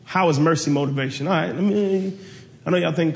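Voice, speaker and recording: A man preaching a sermon, telling stories animatedly and leaping up in pitch when he quotes people. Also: fast, vocal fry. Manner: animated storytelling preacher, jumps high in pitch for quoted voices. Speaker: pastor. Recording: long hall reverb.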